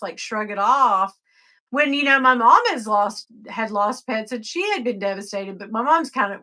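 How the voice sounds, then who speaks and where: A middle-aged woman hosts a casual livestream, answering viewers in loose, rambling talk. Her voice is bright and forward, with a lot of swing. She drops into quiet, sighing stretches and then springs up into high, excited bursts. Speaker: livestream host. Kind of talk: casual live chat reading comments.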